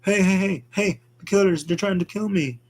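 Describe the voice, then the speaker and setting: A man's voice: fairly high pitch, normal speed, close to an everyday voice. A man voicing a young woman survivor who pleads frantically as she flees killers. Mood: frantic.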